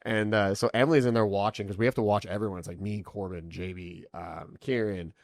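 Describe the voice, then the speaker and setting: A man's voice: fairly low pitch, steady tone, brisk, no room sound. A man chatting on a podcast, telling long, profane stories in a loose, rambling way. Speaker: podcast guest and coach. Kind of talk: casual chat.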